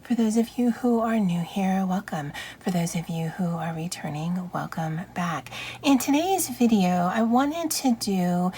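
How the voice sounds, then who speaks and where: Soft-spoken woman chatting as she colors. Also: on the low side, expressive, slight background noise. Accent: Hawaiian. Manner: soft, slow and halting, stumbling over words while working. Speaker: YouTuber. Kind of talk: casual chatty vlog while coloring.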